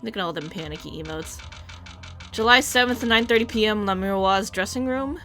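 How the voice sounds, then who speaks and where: A woman's voice: medium pitch, a little fast, bright, forceful tone, faint music behind. A young woman streaming a game, chatting casually and animatedly, swearing now and then.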